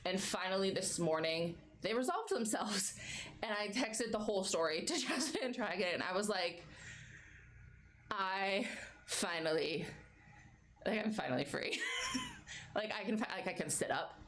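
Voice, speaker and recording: Lively, giggly woman streamer. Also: medium pitch, unhurried. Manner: chatty, giggly, baby-talks her pets. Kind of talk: casual chat.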